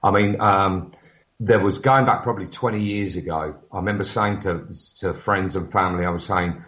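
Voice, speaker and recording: A man's voice: on the low side, moderate pace, a bit bright. A man, a radio show guest, talking earnestly over an internet call, hesitant with many restarts and fillers. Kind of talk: casual chat over a call. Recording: dull, muffled call line.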